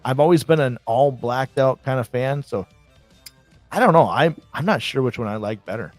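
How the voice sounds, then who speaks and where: A married man hosting a casual live stream, chatting excitedly and reacting to viewer comments. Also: mid-range voice, moderate pace, dry recording, soft background music. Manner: excited, chatty, reads chat aloud.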